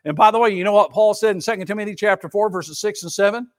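A man preaches a sermon in a high voice. He is emphatic and repeats himself for effect, asking the congregation rhetorical questions as he goes. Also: fast. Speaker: pastor.

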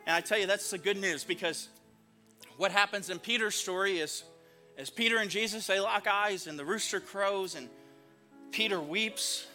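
A man's voice: sits high, moderate pace, sharp tone, faint music behind. A man preaching a sermon as pastor, earnest and emphatic, repeating phrases for weight.

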